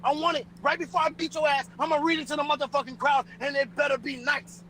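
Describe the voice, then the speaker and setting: A man's voice: extremely high pitch, level tone, quick pace, bright, forceful tone, a little hiss or hum, low-quality recording. A man voicing a brash, foul-mouthed wrestler who boasts and trash-talks, in a put-on silly voice. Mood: boastful threats. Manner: profane trash talk, refers to himself by name. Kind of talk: wrestling roleplay promo.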